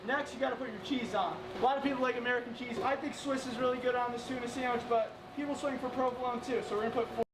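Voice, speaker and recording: A chatty sandwich shop worker walks through making a sandwich step by step, in a casual how-to style. The voice sits at a middle pitch. It is heard from a distance in an echoey shop with steady noise behind. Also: very fast, few pauses. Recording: echoey room, from far off, with noise.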